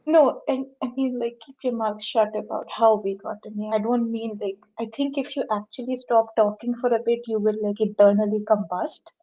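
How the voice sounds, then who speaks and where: A woman voicing an exasperated, sharp-tongued teenage superhero in a tabletop game. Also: a little high, steady tone, moderate pace, few pauses, close to an everyday voice. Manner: dry, sarcastic. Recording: slightly muffled lo-fi mic.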